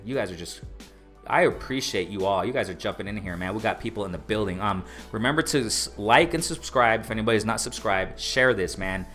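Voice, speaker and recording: A man hosting a casual boxing livestream, reading chat aloud and repeating himself with excitement. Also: fairly low pitch. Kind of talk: casual live-stream commentary.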